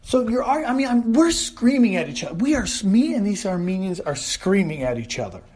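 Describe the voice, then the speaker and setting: A man hosting his own podcast rants through a funny story in a voice that sits a bit high. He talks fast and with energy, and he breaks into loud yelling when he quotes the people in his story. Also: big pitch swings, slightly rough. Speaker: podcast host. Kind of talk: comedic solo rant.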